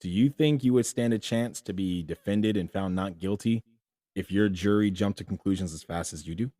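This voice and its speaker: A young man hosting a solo opinion commentary, talking animatedly and jumping to emphatic highs as he acts out imagined people. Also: moderate pace, mellow, no echo, clean studio sound. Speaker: host.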